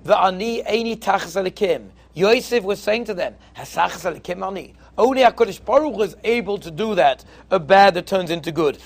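A man's voice: sits high, fairly quick, vocal fry, hardly any pauses. A man teaching a Torah class on the weekly portion, telling a story and weaving Hebrew phrases into his English.

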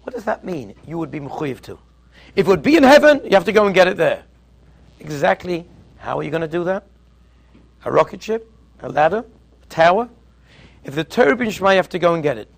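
A man giving a Torah talk, telling a parable and mixing Hebrew and Yiddish terms into his English, often dropping to a quiet storytelling voice. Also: on the high side, lively intonation, brisk, creaky, long pauses.

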